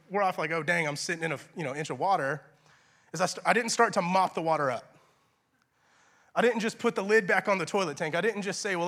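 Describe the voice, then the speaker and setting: A male pastor preaching in an earnest, conversational way, with plenty of casual fillers. His voice sits fairly high and sounds bright and forceful. He often drops to a soft, hushed tone when he turns to prayer. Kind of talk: sermon.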